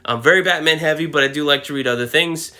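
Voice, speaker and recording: A man's voice: fairly high pitch, fast talker, sharp tone. A man hosting his own comic book video channel, giving casual, rambling commentary full of fillers and self-corrections.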